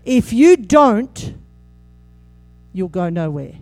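A woman preaching a sermon, animated and humorous, acting out scripture quotes with sudden jumps in voice. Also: medium pitch, extremely slow, soft background music.

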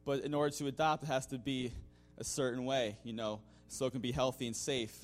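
A man's voice: medium pitch, fairly even intonation, a little fast. Man, everyday mid voice, telling a church testimony off the cuff, folksy fillers, faint music underneath. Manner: conversational, full of "you know" fillers and restarts; chuckles now and then. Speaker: church member giving a mission-trip testimony. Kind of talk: spoken testimony to a congregation.

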